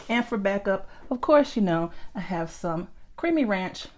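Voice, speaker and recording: A woman's voice: medium pitch, animated, unhurried, a little hiss or hum. Chatty woman eating and talking. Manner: chatty, rambling, laughs often. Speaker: mukbang vlogger. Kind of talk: casual chat while eating.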